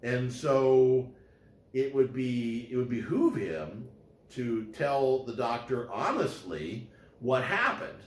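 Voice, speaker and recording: Guy lecturing on law, lots of ums and restarts, mid pitch, roomy echo. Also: expressive, slow. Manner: rambling, with frequent fillers and restarts. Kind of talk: casual recorded lecture.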